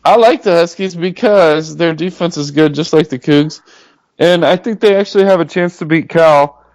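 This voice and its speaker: A man with a slightly high voice gives plain, measured football opinions. The sound is dry and close. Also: a little mellow, dry recording. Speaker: co-host. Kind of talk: casual sports chat.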